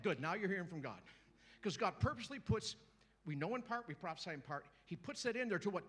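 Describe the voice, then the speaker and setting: A guest preacher in middle age gives an animated, humorous sermon, performing tiny voices and addressing the congregation directly. The voice is high-pitched and a bit rough, and the pace is fast.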